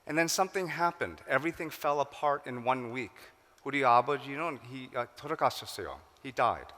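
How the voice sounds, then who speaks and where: A middle-aged man from the United States gives a keynote talk, telling his story with animated quoted voices and Korean phrases mixed in. His tone is bright and forceful, and a long reverb from the big hall trails each line. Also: medium pitch, racing. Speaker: keynote speaker. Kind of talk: forum talk. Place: large hall.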